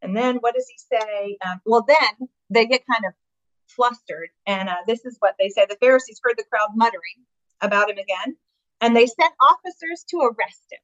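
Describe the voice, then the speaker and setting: A woman's voice: on the high side, normal speed, dry recording, lo-fi sound. A woman teaching a Bible study, reading scripture aloud and adding her own enthusiastic comments, with some fillers and restarts.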